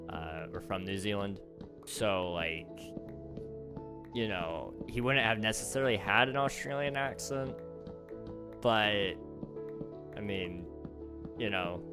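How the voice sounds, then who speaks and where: A young man hosting a live gaming stream, chatting casually, laughing often and answering his chat aloud. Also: on the low side. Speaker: livestream host.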